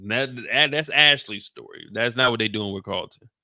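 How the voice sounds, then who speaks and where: A man hosting a casual TV recap, animated and slangy, often laughing. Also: medium pitch, moderate pace, gravelly, no echo, clean studio sound. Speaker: show recap host. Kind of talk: casual commentary.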